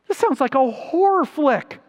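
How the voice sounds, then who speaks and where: A high-pitched man delivers a sermon at an unhurried, measured pace. He leans into sudden emphatic rises on the words that matter. His voice carries with a long reverb, as if recorded in a large hall. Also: expressive. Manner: slow, deliberate preaching with sudden rises for emphasis. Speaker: pastor.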